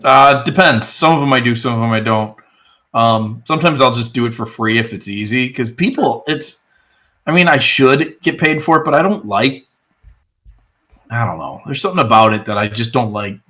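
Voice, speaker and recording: A man narrating as game master of a tabletop game, relaxed and rambling, with lots of fillers. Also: mid-range voice, moderate pace.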